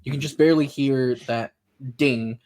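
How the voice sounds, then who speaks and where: A man narrating a tabletop role-playing game as game master, relaxed and halting, with many fillers. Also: medium pitch.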